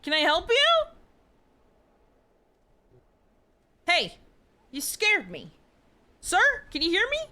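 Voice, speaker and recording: A woman's voice: very high-pitched, huge pitch swings, a little slow, bright, forceful tone, pitched above the performer's own voice, full character voice. A woman doing a jumpy, apologetic male traveler. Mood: startled. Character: nervous young male traveler, easily startled.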